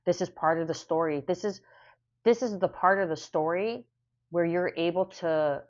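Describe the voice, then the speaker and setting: A woman's voice: lowish voice, moderate pace, a little mellow, dull audio. A woman giving a casual spoken tarot reading, repeating phrases in a soothing, affirming way. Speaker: tarot reader.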